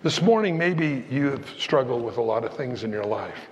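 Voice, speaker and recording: A man preaching a sermon as pastor, animated, acting out the voices of Bible figures as he goes. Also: medium pitch, normal speed. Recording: long hall reverb.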